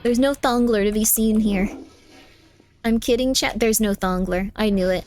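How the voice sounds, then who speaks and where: A woman live streaming a game, chatting casually with her viewers in a playful, teasing way, insisting on things over and over and breaking into squeaky high protests. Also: normal speed, a little mellow, slight background noise. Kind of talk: casual live-stream chat while gaming.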